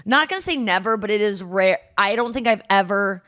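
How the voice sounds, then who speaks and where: A woman hosting a podcast, chatting casually and telling stories with lively acted-out quotes. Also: mid-range voice, no echo, studio quality. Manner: animated storytelling, quick acted-out quotes. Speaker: podcast host. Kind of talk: casual chat.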